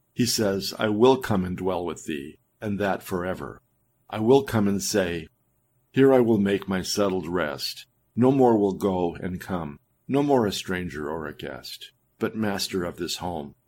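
A man with a very low, deep voice delivers an old-fashioned sermon. He reads with earnest emphasis and slows down on the lines he wants to stress. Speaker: preacher. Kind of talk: reading a Victorian sermon aloud.

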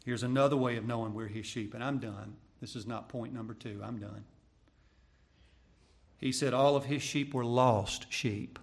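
A man preaching a sermon, swinging from hushed, drawn-out phrases to loud, pressing repetition. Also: mid-range voice, fairly even intonation. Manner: dramatic, swings from hushed to shouting, repeats phrases.

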